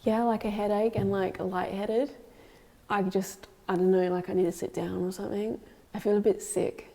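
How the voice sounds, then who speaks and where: Young woman, gravelly fry, out of breath, casual chatty host, indoor prison walk. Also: medium pitch, level tone, normal speed, warm tone. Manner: chatty, peppers speech with "like". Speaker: paranormal investigator host. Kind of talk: casual on-location chat. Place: old prison cell block, indoors.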